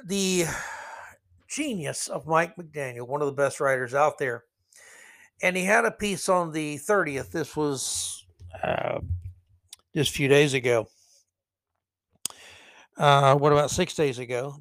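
A man's voice: a little high, a bit bright, no room sound. A man hosting a podcast, giving sarcastic, rambling opinion commentary. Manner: sarcastic, rambling, self-correcting. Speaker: podcast host.

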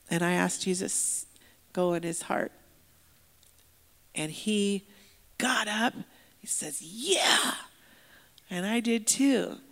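A woman voices a deaf pastor's sermon in real time, her tone a touch of vocal fry. She tells the story with energy, slipping into voiced quotes. The sound rings with the long reverb of a church sanctuary. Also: lowish voice. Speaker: sign language interpreter voicing a deaf pastor.

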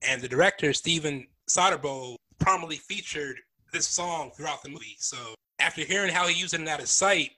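A man's voice: on the high side, fairly quick, rough recording. A man in his forties co-hosting a music podcast, casually giving background on songs. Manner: relaxed, explains song background. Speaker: podcast co-host.

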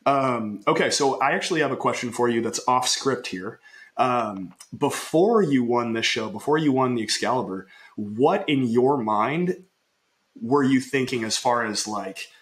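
A man's voice: medium pitch, expressive, unhurried, a bit bright. A man hosting a casual podcast, upbeat and chatty, laughing often and running his sentences together. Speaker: podcast host.

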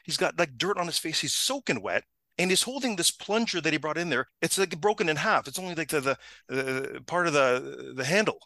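A middle-aged man casually telling a long funny story, animated and laughing, acting out the people in it. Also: a little high, fairly quick, no room sound. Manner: animated, laughing, acts out the people in his stories.

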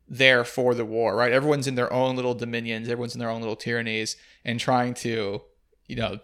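A man's voice: medium pitch, a bit bright. A man hosting a podcast, discussing a film in a thoughtful, analytical way and asking leading questions. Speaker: podcast host.

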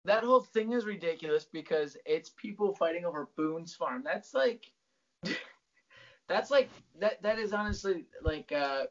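A man with a slightly high voice rambles and jokes with a friend over a video call, swearing freely. The call audio is dull and lo-fi. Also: lively intonation, measured pace. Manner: joking, profane, rambling. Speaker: podcast co-host. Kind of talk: casual banter.

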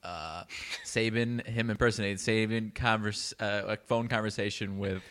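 A man co-hosting a casual sports podcast, rambling in a relaxed way with lots of fillers. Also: lowish voice, moderate pace. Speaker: podcast co-host.

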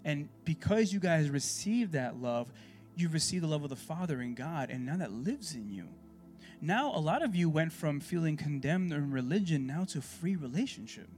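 Animated man teaching a Bible class. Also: fairly high pitch, moderate pace, soft background music. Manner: animated, conversational, full of rhetorical questions. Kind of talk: casual sermon-style teaching.

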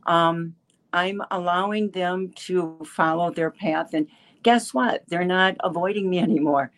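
Woman in her seventies, slow halting talk, lowish voice, a little emotional. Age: 70s. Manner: halting, many restarts and fillers. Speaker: caller sharing a testimonial. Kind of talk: emotional personal testimony.

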